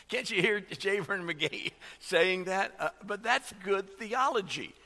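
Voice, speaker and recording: A man preaching a sermon as pastor, halting with many fillers and restarts as he explains a verse. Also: sits high, lively intonation, sharp tone, long reverb tail.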